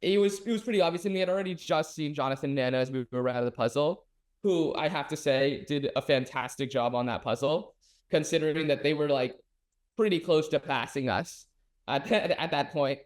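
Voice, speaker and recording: A man's voice: on the high side, fairly quick. A young man being interviewed as a runner-up contestant, upbeat and playful. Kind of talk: casual interview chat.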